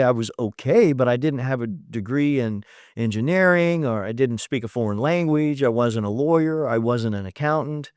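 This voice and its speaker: He's a podcast guest in his fifties, plainly relating what happened and acting out the quoted exchanges. The voice is mid-range and a touch mellow, recorded dry with studio quality.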